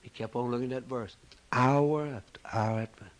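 A man preaching a sermon, swinging from loud, soaring rises to hushed, quiet drops. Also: mid-range voice, steady tone, moderate pace, low-quality recording.

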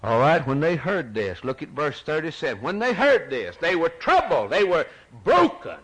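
A man preaching a sermon with dramatic delivery, swinging between loud outbursts and hushed tones and repeating phrases for emphasis. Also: fairly high pitch, huge pitch swings, normal speed, hardly any pauses, breathy edge, rough recording.

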